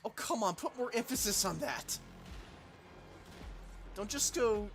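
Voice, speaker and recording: A man reacting to game trailers on a live stream, swearing constantly and breaking into laughter. His voice is bright and swings widely in pitch, yet he talks at an unhurried pace. Faint noise hums underneath. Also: faint music behind. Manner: profane, excitable, laughs a lot. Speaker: livestreamer.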